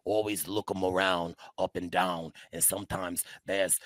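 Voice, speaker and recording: A gruff veteran reality competitor, as a man imitates him, his voice dropped far below normal. He hands out advice slowly, in a mock-serious tone. The sound is close and dry. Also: low voice, little pitch movement, fairly bright tone, no echo, voice pushed down.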